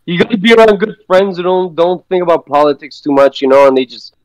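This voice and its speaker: A man's voice: sits high, lively intonation, quick pace, no room sound, low-quality recording. A man guesting on a podcast, telling stories in a laid-back, slangy way and swearing freely. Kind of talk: casual storytelling chat.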